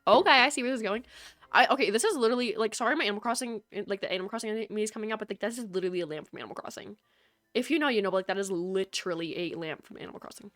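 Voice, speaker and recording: A woman's voice: medium pitch, racing, a bit bright, dry recording. A woman streaming a video game, chatting casually with her viewers, teasing and laughing often.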